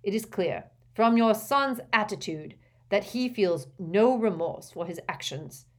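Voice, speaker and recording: A woman's voice: medium pitch, lively intonation, unhurried, a little mellow, pitched above the performer's own voice. Woman doing a stiff formal official guy, firm and proper.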